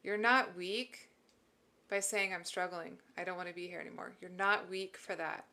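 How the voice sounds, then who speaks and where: A woman's voice: lowish voice, fairly even intonation, moderate pace. A woman hosting a live stream, answering chat and encouraging viewers about mental health, emotional and teary. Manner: warm, encouraging, reads and answers chat messages. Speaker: livestream host.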